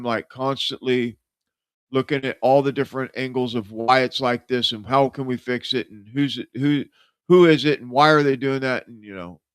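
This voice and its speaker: A man's voice: medium pitch, a bit bright, clear, resonant tone, no room sound. A man hosting a live show, rambling conversationally about everyday worries. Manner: rambling, conversational, with frequent fillers. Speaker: host. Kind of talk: casual live-show monologue.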